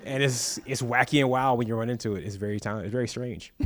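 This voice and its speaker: Animated man telling stories on stage. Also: medium pitch, moderate pace. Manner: lively storyteller, acts out quoted dialogue. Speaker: author at a bookstore event. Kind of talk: storytelling at a live book talk. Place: bookstore stage before an audience.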